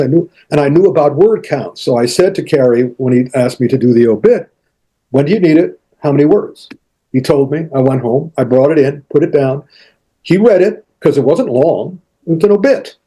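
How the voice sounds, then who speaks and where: An older man spins anecdotes in a casual interview, often restarting sentences and acting out the lines people said. His voice sits a touch high but sounds mellow and husky. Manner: animated anecdotes, acts out quotes, frequent restarts. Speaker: interview guest, author.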